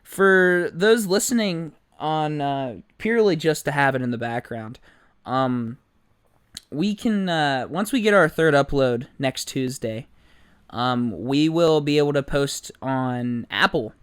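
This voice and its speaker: Giggly young podcast co-host, lively man. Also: fairly high pitch, takes it slowly, smooth. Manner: laughs often, rambling with many fillers. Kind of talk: casual chat.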